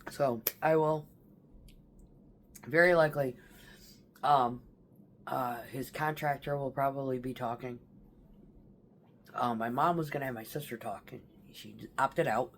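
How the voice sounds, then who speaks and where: A woman's voice: rumbling low, a little slow, pauses often, a little hiss or hum. A woman talking casually to camera about her stepfather's last days, rambling and emotional, with casual swearing. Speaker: vlogger. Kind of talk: casual personal storytelling.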